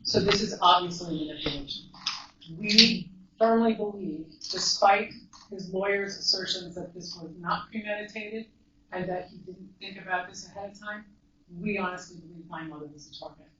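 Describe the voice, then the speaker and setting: A woman speaks to a live audience in an earnest, emphatic storytelling manner, her voice at an everyday middle pitch. She sounds far from the microphone in a large, echoing room. The recording is dull and slightly muffled. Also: moderate pace, background noise. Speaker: guest speaker and mental health counselor. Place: large echoey event room.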